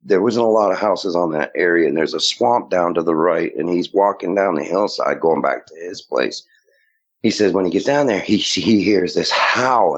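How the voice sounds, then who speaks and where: A man with a very low, husky voice tells his story casually. He rambles and slips into quoting others mid-sentence. The audio sounds dull and lo-fi. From Maine. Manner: rambling, quotes others in dialogue. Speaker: guest recounting sightings.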